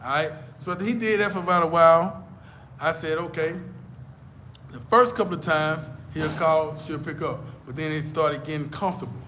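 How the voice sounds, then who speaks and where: A man's voice: a little high, brisk, sharp tone, slight background noise. A man giving blunt, profane advice in a casual storytelling rant, hammering his points by repeating them. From United States. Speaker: vlogger.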